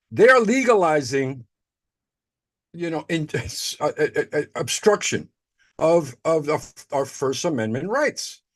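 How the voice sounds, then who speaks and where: A man in a casual video-call chat, talking excitably in rambling stretches, repeating words and trailing off. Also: a little high. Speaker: participant in an online chat.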